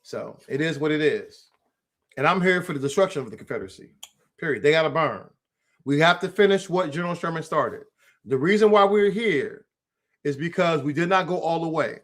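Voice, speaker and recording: This political commentary host from the United States has a slightly high, expressive voice that's fairly bright and moves briskly. On his livestream he launches into an angry, foul-mouthed tirade, naming a rival who isn't there and speaking straight to him.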